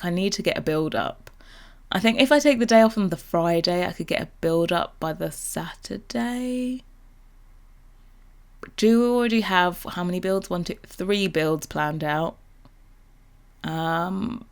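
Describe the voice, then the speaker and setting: Young girl rambling about game stuff, gets super hyped, kinda low voice. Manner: bubbly and rambling, gets excited about new content. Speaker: Sims builder and YouTuber. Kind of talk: casual chat over a speed build.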